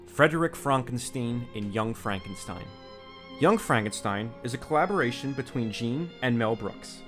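An earnest man reads a scripted video essay and gives his opinions with conviction. His voice sits at an ordinary middle pitch, and music plays clearly under his narration. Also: animated, moderate pace, a bit bright. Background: background music.

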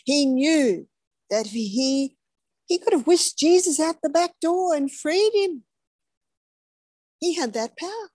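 A woman's voice: high-pitched, expressive, slow pace, long pauses, darkish tone, no echo. A woman preaching a sermon, telling the story dramatically, dropping to whispers and then rising with emphasis. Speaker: health speaker preaching.

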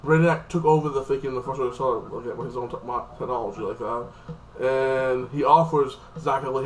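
A man's voice: medium pitch, normal speed, slight background noise. A man giving a casual, rambling spoken recap and review of a TV episode, full of fillers and restarts. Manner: rambling, filler-heavy, lots of "like". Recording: distant mic with loud music.

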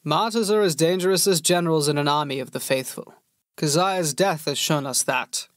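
A man playing a measured, thoughtful male lord who speaks slowly and deliberately. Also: on the high side, no echo, studio quality, lightly acted.

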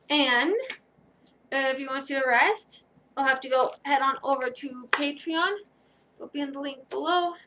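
Showing off her outfits in a try-on vlog, this young adult woman chats casually in a high-pitched voice over slight background noise. She sounds tired, yawns, and rambles relaxedly, thinking out loud.

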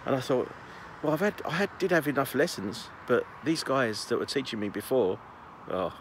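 Strolling city streets for a casual vlog, this man tells meandering, laugh-filled stories, restarting often. He sounds very animated, with a medium-pitched voice at a moderate pace, and there's background noise.

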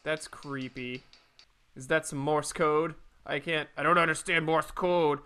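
A man giving casual, animated gameplay commentary from his home, jumpy and swearing freely. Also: a little high, a little slow, smooth. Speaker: let's play host. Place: home room with a cat nearby.

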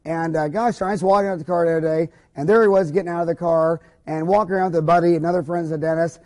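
High-voiced folksy male dentist lecturer. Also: steady tone, fast talker, a little mellow. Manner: folksy, emphatic, rambling with asides. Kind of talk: informal recorded lecture.

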